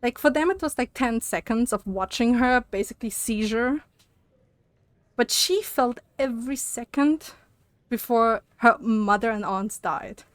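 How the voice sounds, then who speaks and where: A woman's voice: fairly high pitch, unhurried, no echo. A young woman streamer chatting casually while gaming, ranting and laughing with frequent swearing.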